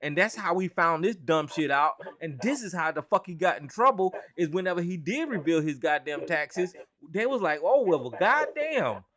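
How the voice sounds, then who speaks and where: A man's voice: on the high side, animated, moderate pace, few pauses, fairly bright tone. A man hosting a call-in show, arguing heatedly, swearing constantly and repeating himself as he stumbles over words. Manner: profane, repetitive, stumbling.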